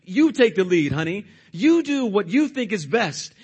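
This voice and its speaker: A man's voice: sits high, very animated, measured pace, darkish tone, husky, voice pushed up, heavily acted. A preacher voicing a passive husband who hands off the decision to his wife. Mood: dismissive.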